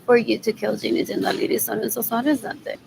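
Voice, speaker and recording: Rambling woman with a creaky voice. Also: on the high side, fairly even intonation, quick pace, darkish tone, a little hiss or hum, rough recording. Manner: repetitive, drifting, mutters asides, drops Spanish words. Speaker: vlogger. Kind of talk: rambling monologue to camera.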